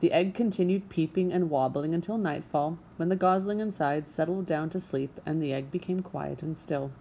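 Female storybook narrator, lowish voice, faint hiss in the background. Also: gravelly. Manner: expressive and measured. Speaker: audiobook narrator.

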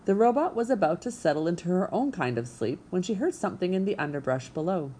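A woman narrating a children's storybook in an expressive, measured way. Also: on the low side, a little hiss or hum. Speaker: audiobook narrator.

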